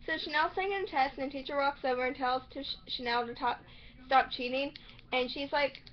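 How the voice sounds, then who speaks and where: A young woman chats her way through a TV recap in a high voice, stopping to act out characters' lines. The recording sounds a little dull and muffled, with a faint hiss underneath. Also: fairly even intonation, moderate pace. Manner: rambling, quoting characters in bursts. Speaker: recap vlogger. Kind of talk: casual TV episode recap. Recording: slightly muffled home recording with faint noise.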